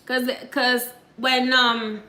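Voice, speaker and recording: High, bright-voiced woman giving a psychic reading. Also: little pitch movement. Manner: halting, full of fillers and restarts, relays spirits' words. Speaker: psychic medium. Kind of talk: live mediumship reading.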